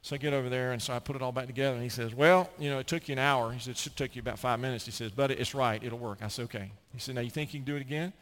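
A man's voice: mid-range voice, rapid-fire, hardly any pauses. A middle-aged American man preaching a sermon, telling stories and acting out the people he quotes. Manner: storytelling preacher, animated, acts out quotes. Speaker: pastor.

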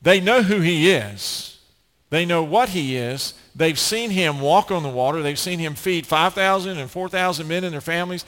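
Delivering a sermon, a male pastor is emphatic and earnest, frequently starting phrases over. His voice is a little high and fairly bright, at normal speed, with a big-room sound.

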